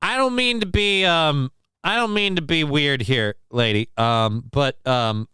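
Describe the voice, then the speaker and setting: High, smooth-voiced joking man. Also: unhurried, pushed and bright, no room sound, clean studio sound. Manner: crude joking, mock voices, loose rambling. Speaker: host reacting to news clips. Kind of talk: casual comedic commentary.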